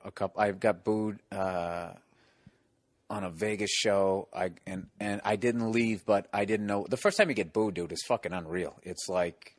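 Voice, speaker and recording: A man in his forties from the United States, a stand-up comedian telling stories on a podcast in a profane, animated way. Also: lowish voice, a little slow, dry recording. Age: 40s. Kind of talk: casual podcast storytelling.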